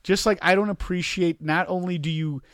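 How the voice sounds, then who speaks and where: A man's voice: high voice, steady tone, fairly quick, fairly bright tone, no room sound. A man in his forties co-hosting a casual podcast, defending his habits with dry jokes and telling family stories. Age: 40s. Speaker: podcast co-host. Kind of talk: casual banter.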